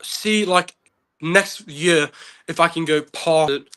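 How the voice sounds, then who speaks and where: A man's voice: on the high side, slow, a bit bright, clear, resonant tone. A young man, an arm wrestler guest, talking in a rambling, casual, self-deprecating way. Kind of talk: casual chat.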